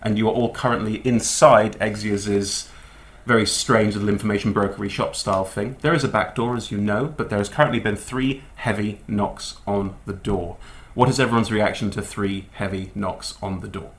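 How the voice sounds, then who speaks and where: A British woman running a tabletop game as dungeon master, narrating in a relaxed, amused way. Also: very deep voice, moderate pace.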